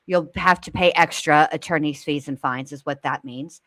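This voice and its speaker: A woman's voice: sits low, steady tone, moderate pace, hardly any pauses, fairly bright tone, dry recording. A woman co-hosting a casual commentary chat, pleading earnestly and reading aloud with blunt asides. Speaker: co-host.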